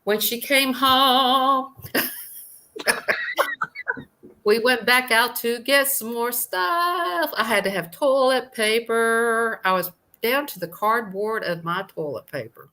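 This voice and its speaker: A woman's voice: on the high side, lively intonation, takes it slowly, bright, forceful tone. A woman who is a guest on a livestream, chatting easily about her day. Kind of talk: casual chat.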